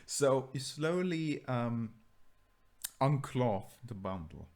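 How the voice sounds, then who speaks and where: Guy running a tabletop game, casual and teasing, normal pitch. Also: expressive, slow, darkish tone. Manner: chatty and teasing, laughs often. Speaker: game master.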